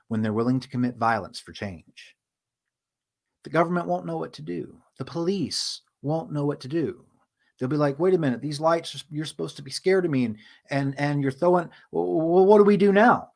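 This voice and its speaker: A man hosting a stream, telling a story in a casual, profane monologue and acting out the voices of people he quotes. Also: medium pitch. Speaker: livestream host.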